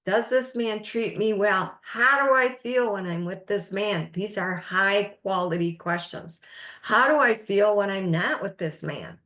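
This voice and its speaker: A woman life coach leads a recorded masterclass at an unhurried pace. Her pitch sits mid-range for a woman. She encourages her listeners and leans on the words she wants to stress. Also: pushed and bright. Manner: slow, encouraging, emphatic teaching with quotes.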